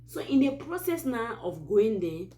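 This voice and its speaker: A woman from Cameroon, speaking with a Cameroonian English accent, tells a true story on her Christian advice channel. Her pitch is on the high side and her pace unhurried, and she keeps it casual and animated with many side comments.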